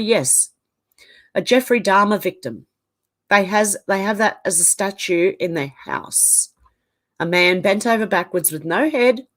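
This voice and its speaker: Casual Australian woman reading live chat. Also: on the low side. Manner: reads out chat comments and reacts conversationally. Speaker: livestream host reading viewer comments.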